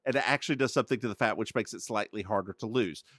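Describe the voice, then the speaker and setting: A man's voice: fairly low pitch, rapid-fire, a bit bright, no room sound, studio quality. A man co-hosting a podcast in casual chat, teasing his co-host and repeating phrases for laughs. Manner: teasing, playful, repeats phrases for comic effect.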